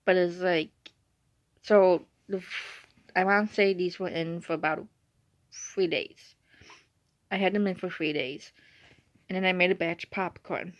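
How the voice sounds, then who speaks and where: A young woman vlogs in chatty, rambling storytelling, saying "like" constantly. Her low-leaning voice is fairly even and a little slow, with frequent pauses. It's a dry, dull lo-fi recording from a phone or device.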